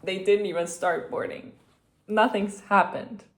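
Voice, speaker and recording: A woman vlogging in a casual, chatty way, telling a story with lots of fillers and animated retellings of conversations. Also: medium pitch, measured pace. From Austria.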